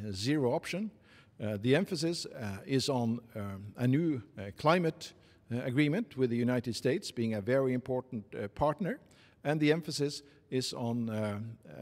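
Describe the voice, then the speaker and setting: A man with a Norwegian accent speaks at a middle pitch, answering interview questions formally. He pauses often and fills gaps as he picks his words. The sound carries a long reverb. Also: darkish tone. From Norway. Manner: halting, measured, many pauses and fillers. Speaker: interviewee, committee secretary.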